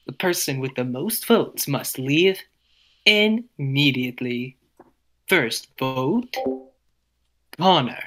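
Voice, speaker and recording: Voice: medium pitch, expressive, slow, long pauses, a bit bright. A podcaster reading as a reality-show host announcing a vote-out. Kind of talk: reading a script aloud among friends.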